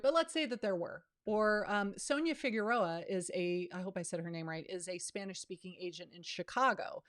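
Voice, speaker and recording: A woman, a real estate coach giving a live online training and answering viewer questions in a chatty, down-to-earth way. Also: fairly low pitch. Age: 50s.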